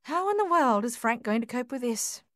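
A woman reading the part of a talkative middle-aged farmer's wife who fusses brightly. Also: on the high side, very animated, normal speed, dry recording, studio quality, pitched above the performer's own voice. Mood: chatty.

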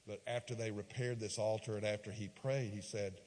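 A man preaching a sermon and retelling a Bible story, swinging from loud emphatic peaks to quiet low asides. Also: steady tone, a little fast. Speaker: pastor. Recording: long hall reverb.

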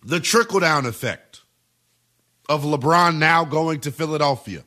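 A man hosting a sports talk radio show, delivering an emphatic, animated monologue with lots of repetition. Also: on the high side, unhurried.

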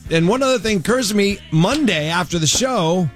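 A man's voice: sits high, expressive, fairly quick, soft background music. A man co-hosting a morning radio show, chatting casually and drawing out his words with enthusiasm. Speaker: radio co-host. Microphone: studio microphone.

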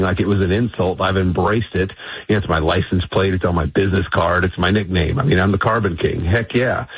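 In a radio interview, a man appearing as the CEO of an energy institute speaks emphatically and assertively, often restarting his sentences. His voice is low-pitched and husky, with no echo, carried over a dull lo-fi radio line.

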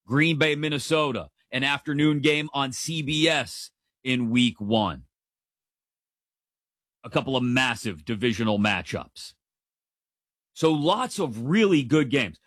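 A man's voice: medium pitch, fairly bright tone, no room sound, clean studio sound. A man in his forties hosting a sports podcast, giving playful, emphatic opinions in casual commentary.

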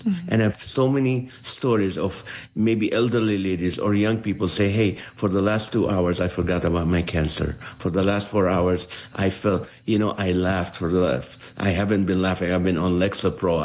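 A middle-aged man from the Holy Land, a comedian telling stories in an interview, acting out each quoted voice with energy. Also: low-pitched. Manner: animated, acts out the quoted voices. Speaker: comedian guest. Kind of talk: storytelling in an interview.

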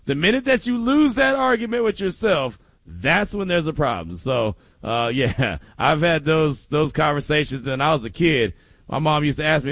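A man's voice: on the high side, normal speed, dry recording. A man hosting a daily sports talk show, telling stories casually with frequent laughs. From Oakland. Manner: animated storytelling with frequent laughs.

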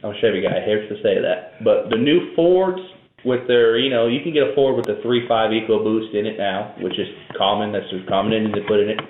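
A low-pitched man rambles knowledgeably through his explanations, circling back with fillers and restarts. His voice comes through a thin, phone-like channel. The room around him sounds echoey. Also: fairly quick, a little hiss or hum. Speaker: guest expert on trucks and towing. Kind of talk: casual interview talk. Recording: echoey room over a tinny phone-like line.

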